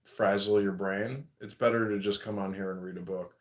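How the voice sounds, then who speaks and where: A man's voice: fairly low pitch, fairly even intonation, moderate pace. A man hosting a casual livestream chat, crude and mocking, swearing often as he roasts his guests. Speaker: livestream host.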